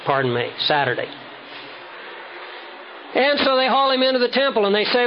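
A man preaching a sermon with measured, emphatic delivery, slowing down to stress key words. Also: very high voice, sing-song. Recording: dull lo-fi sound with faint noise.

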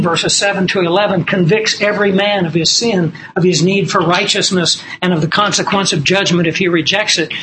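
A man's voice: sits high, pushed and bright, a little hiss or hum, rough recording. A man preaching a sermon from printed notes, earnest and emphatic, repeating key lines and telling stories.

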